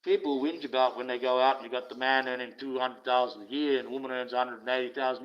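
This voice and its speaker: A man's voice: medium pitch, steady tone, quick pace, few pauses, dull audio. Profane, sarcastic man ranting on a livestream. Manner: profane, sarcastic, swings between loud and muttered. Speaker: livestream host.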